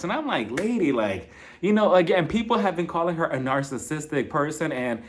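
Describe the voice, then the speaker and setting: A man giving a casual, animated recap of a reality TV episode, acting out quotes and laughing often. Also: on the high side, brisk.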